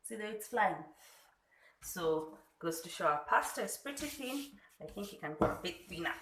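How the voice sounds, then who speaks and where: A woman from Kenya with a Kenyan accent, a food blogger calmly walking through a cooking tutorial step by step in her home kitchen. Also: medium pitch, reverberant, slight background noise, rough recording. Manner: unhurried, demonstrating step by step.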